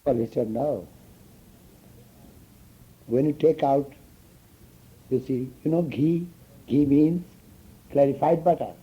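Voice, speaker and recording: A spiritual teacher gives students an informal talk, telling stories, chuckling, and often asking "you understand?" His voice is medium-pitched and slightly breathy, and he speaks slowly with frequent pauses. The lo-fi recording sounds dull.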